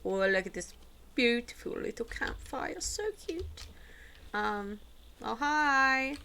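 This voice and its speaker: A woman streaming a video game from home, chatting casually with a giggly manner and dipping into soft, whispery asides. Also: fairly high pitch, slow, a little hiss or hum. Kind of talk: casual gameplay commentary.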